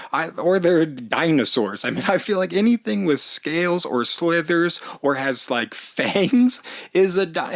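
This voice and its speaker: A man telling a comedic personal story in an animated, self-mocking way, laughing often. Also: on the high side. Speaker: storyteller vlogger.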